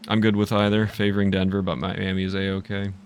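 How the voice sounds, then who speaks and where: A man's voice: deep voice, completely flat delivery, fairly quick, soft background music. A man streaming a video game live, chatting and rambling casually with viewers.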